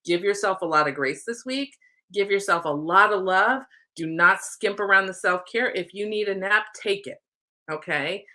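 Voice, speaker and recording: A woman's voice: mid-range voice, normal speed, bright, forceful tone. A middle-aged woman and spiritual life coach, chatting casually to camera in a rambling, affectionate way and often saying "y'all".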